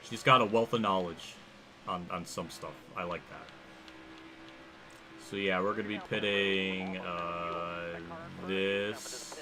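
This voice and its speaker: A young man livestreaming a racing game, rambling and thinking aloud as he reacts loudly to the action on track. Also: sits low, steady tone, slow pace, long pauses, music in the background. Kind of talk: live gameplay commentary.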